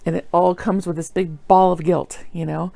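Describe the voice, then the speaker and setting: A woman's voice: lowish voice, little pitch movement, moderate pace, vocal fry, dark tone, no room sound. A middle-aged woman talking earnestly and apologetically in a rambling personal video diary, full of fillers. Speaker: vlogger.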